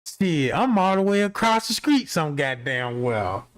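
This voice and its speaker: High-voiced, rambling male comic storyteller. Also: a little slow. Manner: rambling, slangy, animated, full of fillers. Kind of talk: profane comic monologue.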